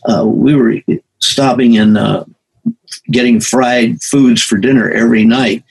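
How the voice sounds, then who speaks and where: An elderly man in his eighties with a gravelly, husky voice tells rambling stories from a long music career. He circles back with fillers and restarts, settling at a middle pitch. He is a guest in a relaxed interview. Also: unhurried, poor audio. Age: 80s. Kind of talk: storytelling in a conversation.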